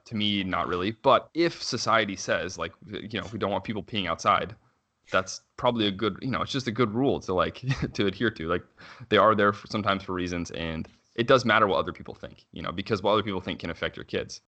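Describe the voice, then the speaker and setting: A man in his thirties tells a story in easy, casual conversation. His voice sits very low but moves quickly, with a bright, forward edge, and he meanders through fillers and restarts as he goes. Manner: rambling, frequent "like" fillers and self-restarts, quick laughs. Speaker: father telling a story.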